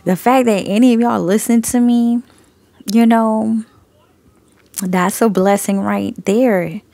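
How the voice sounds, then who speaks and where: A woman with a gravelly, fry-laden voice tells her story in a casual testimony. She laughs often and acts out both sides of each conversation. The sound is dry and close, recorded on a phone. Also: a little high, fairly even intonation, slow, warm tone, no room sound. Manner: frequent laughter. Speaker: Christian video creator sharing messages.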